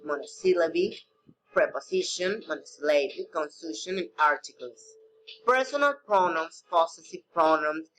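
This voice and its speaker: A man teaching a recorded English pronunciation lesson, reading slowly with non-native phrasing. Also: sits high, fairly bright tone, poor audio.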